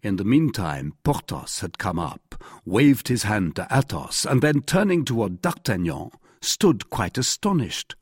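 A man narrating an adventure novel as an audiobook in an expressive storytelling manner. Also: lowish voice, measured pace, few pauses, slightly rough, dry recording, clean studio sound. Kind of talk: scripted narration.

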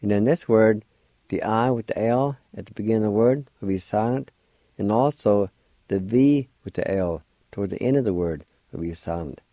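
A man's voice: on the low side, warm tone, dry recording. A man hosting a radio language lesson, spelling words letter by letter and pronouncing them patiently. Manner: slow, deliberate spelling letter by letter; patient, encouraging teacher. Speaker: radio show host teaching language.

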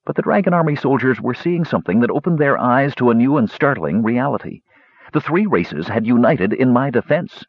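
A man narrating a fantasy story in the first person in an expressive, theatrical way. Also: mid-range voice, brisk, breathy edge, no echo, highs cut off. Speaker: audiobook narrator.

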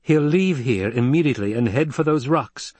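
A man voicing a composed, persuasive captive noblewoman in low, measured, intimate tones. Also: lively intonation, darkish tone, husky, no room sound. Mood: firm.

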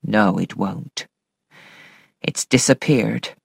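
A woman voicing a worried older housekeeper who speaks slowly and quietly. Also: creaky, husky, no echo, studio quality, full character voice. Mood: grim. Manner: slow, low, hushed.

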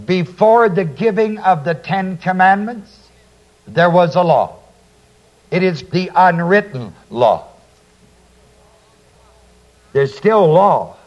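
A man's voice: high voice, animated, muffled recording. A man teaching through a Bible passage verse by verse, reading scripture aloud and then explaining it. He asks his listeners to fill in key words. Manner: slow, deliberate, quotes scripture then explains. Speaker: preacher.

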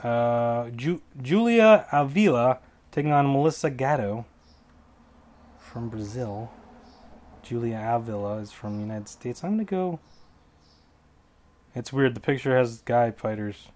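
A man's voice: mid-range voice, expressive, measured pace, pauses often, darkish tone. A man hosting a casual solo podcast, rambling through fight predictions in a jokey way and often correcting himself mid-sentence. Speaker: podcast host.

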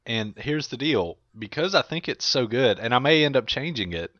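A man's voice: medium pitch, expressive, fairly bright tone, no room sound. A man co-hosting a casual beer-tasting podcast, talking up a beer with enthusiasm, close to the mic. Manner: enthusiastic, drawn-out praise. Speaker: podcast co-host. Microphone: close microphone. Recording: dull lo-fi dry recording.

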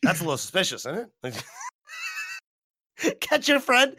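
Excitable, high-voiced man hosting a podcast. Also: measured pace, a little hiss or hum. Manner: excitable, profane, laughing a lot. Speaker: podcast host. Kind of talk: casual livestream podcast chat.

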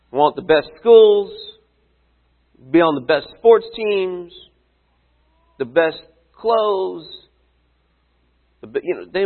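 A man preaching a sermon in a casual, conversational way, full of asides and rhetorical questions. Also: a little high. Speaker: pastor. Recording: tinny phone-like sound.

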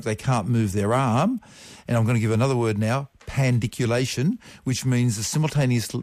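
In a radio studio, a man with a medium-pitched, slightly mellow voice chats playfully during a science segment, fond of spelling words out letter by letter. The studio microphone picks up no room sound.

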